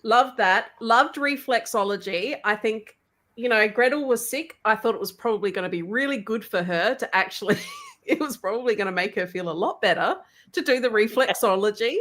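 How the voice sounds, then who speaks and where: A woman's voice: medium pitch, normal speed, fairly bright tone. A woman co-hosting a casual podcast chat, teasing and laughing often over a video call.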